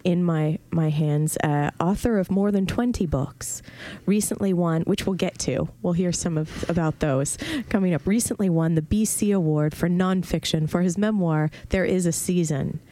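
A woman's voice: on the low side, normal speed, dark tone, dry recording. A woman hosting an interview, eager and rambling, often restarting her questions. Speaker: interviewer host. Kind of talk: conversational interview.

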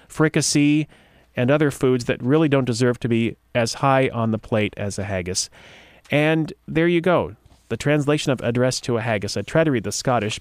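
A man hosts a casual show, reading odd news items and old poems aloud and dropping amused remarks in between. He sometimes trips over a word and starts the line again. His voice sits at a middle pitch, and the sound is dry and close with no room around it. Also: no room sound. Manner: chatty, amused asides between read-out passages; stumbles and restarts when reading. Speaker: podcast host.

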